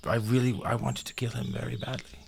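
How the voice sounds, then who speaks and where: A man's voice: medium pitch, little pitch movement, a little fast, a little mellow, exaggerated voice. A man doing a weeping runty goblin. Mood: grieving. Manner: sobbing, croaking broken speech. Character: weeping runty male goblin, broken and blunt.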